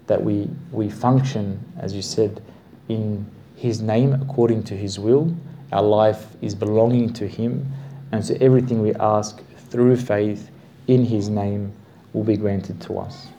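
A man teaching a Bible class, explaining the passage with slow, emphatic stresses and repeated words. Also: lowish voice, steady tone, vocal fry, dark tone, slight background noise.

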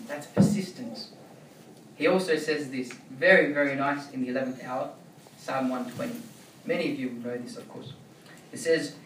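A man delivers a sermon in a loose, chatty way, often asking his listeners "right?". His voice sits a little high. He is picked up from a distance in an echoey room. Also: a little hiss or hum. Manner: conversational, keeps asking "right?". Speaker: preacher.

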